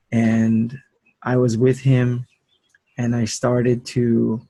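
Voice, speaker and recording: A man speaking hesitantly and softly with many fillers, reflecting on a story over a video call. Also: mid-range voice, dry recording, low-quality recording. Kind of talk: reflective conversation.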